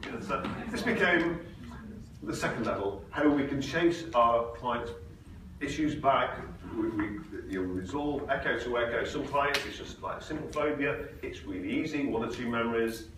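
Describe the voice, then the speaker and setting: A man's voice: medium pitch, lively intonation, moderate pace. Male conference speaker, storytelling, very echoey hall with noise behind, mic distant. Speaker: presenter. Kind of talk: conference talk with anecdotes.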